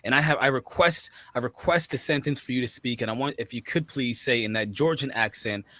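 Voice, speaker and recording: A fast-talking man hosts a casual livestream, his voice bright and forward. He is effusive, thanking his guest again and again. The sound is dry and close. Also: medium pitch, no room sound. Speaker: livestream host.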